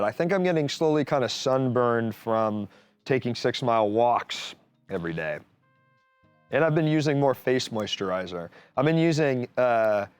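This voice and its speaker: Rambling, joking male host taking calls on a live stream; dry mic sound, middle pitch. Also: dry recording. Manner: rambling, joking, swears casually. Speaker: call-in show host. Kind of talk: casual live stream chat. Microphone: studio mic.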